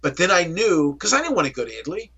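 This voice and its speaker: A man's voice: a little high, quick pace, breathy edge, dull audio. A middle-aged man from the Pittsburgh area, telling his story in an interview and acting out the dialogue. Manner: animated, acts out dialogue in storytelling. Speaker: interview guest.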